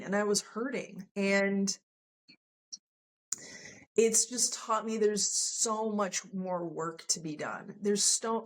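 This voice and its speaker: Woman podcast guest, mid-pitched, earnest, emotional storyteller who re-enacts dialogue. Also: poor audio. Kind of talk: candid personal storytelling.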